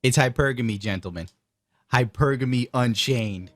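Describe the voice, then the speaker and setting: A man's voice: mid-range voice, normal speed, fairly bright tone, no echo, faint music behind. A man giving casual reaction commentary, laughing in disbelief and reading messages aloud in mocking put-on voices. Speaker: streamer reacting to dating-app messages.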